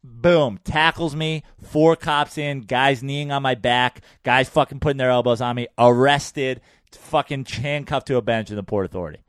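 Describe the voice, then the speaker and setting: A man telling a profane story in casual chat, animated and blunt. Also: mid-range voice, normal speed, clean tone, no echo, studio quality.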